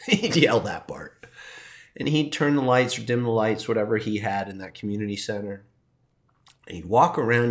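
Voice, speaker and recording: A man with a low-pitched voice speaks in a heartfelt, halting way. He is choked up and stops now and then to steady himself while telling his own story to a group as their teacher and coach. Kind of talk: emotional personal sharing.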